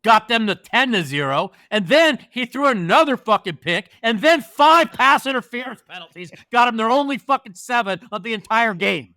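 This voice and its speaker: A man's voice: extremely high pitch, expressive, moderate pace, few pauses, sharp tone, no room sound, clean studio sound. A man talking as a podcast guest in casual banter, with brash, profane ranting.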